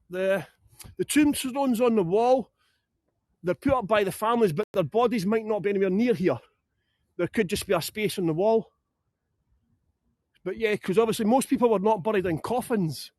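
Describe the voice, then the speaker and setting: A man's voice: sits high, a little mellow, no room sound. A Scottish man leading a live walking tour outdoors in a graveyard, chatty and joking. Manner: chatty and joking, laughs often. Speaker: tour guide.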